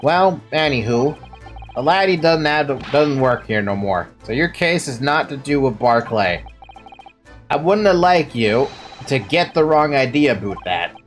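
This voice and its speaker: Brief: woman playing a folksy Scottish prison governor, middle-aged man, low and lilting, lively pitch. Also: measured pace, soft background music. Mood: breezy. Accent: put-on Scottish. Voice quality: folksy, brogue-laden.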